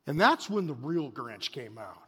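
A man in his forties preaching a sermon, telling a family story in an animated way that swings between loud bursts and hushed asides. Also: mid-range voice, unhurried, slightly rough. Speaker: pastor. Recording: reverberant hall.

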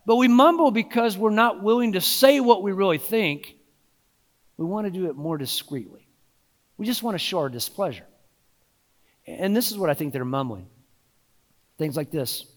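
Guy preaching a sermon, kinda high voice, talks casual and conversational. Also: lively intonation, normal speed, long pauses. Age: adult, married. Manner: conversational preaching with frequent "you know" and restarts. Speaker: pastor.

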